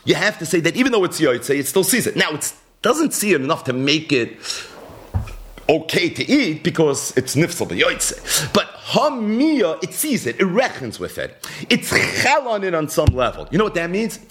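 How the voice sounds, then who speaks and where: Lively man teaching Talmud. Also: on the high side, moderate pace. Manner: animated explaining, mixing English with Hebrew and Aramaic terms. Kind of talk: Gemara lesson.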